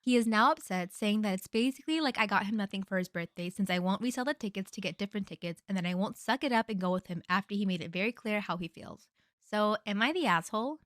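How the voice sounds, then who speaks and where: A woman's voice: medium pitch, dry recording, studio quality. A woman reading online stories aloud and adding her own blunt, chatty comments. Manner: brisk, chatty, blunt asides. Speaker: storytime narrator. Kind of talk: reading online posts with casual reactions.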